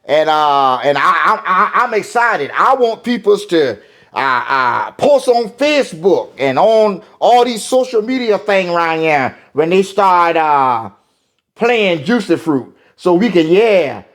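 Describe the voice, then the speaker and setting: Folksy older man, lively pitch. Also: takes it slowly. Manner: rambling, folksy, many fillers. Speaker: singer; interviewee. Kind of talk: interview.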